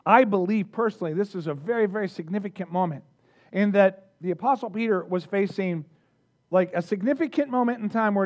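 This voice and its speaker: A man preaching a sermon, energetic, drawing the congregation in with questions and call-outs. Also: sits high, fairly quick. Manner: energetic, engages the audience with questions. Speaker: pastor.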